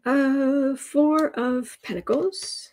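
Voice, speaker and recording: A woman giving a casual livestreamed tarot reading, drawing her words out and dropping into soft, near-whispered asides. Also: sits high, very slow. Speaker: tarot reader.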